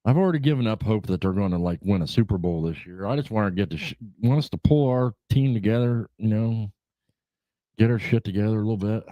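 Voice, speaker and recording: A man's voice: lowish voice, fast, dry recording, highs cut off. A man hosting a casual livestream chat show, rambling and laid-back, swearing freely, with lots of "you know" fillers. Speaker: podcast host.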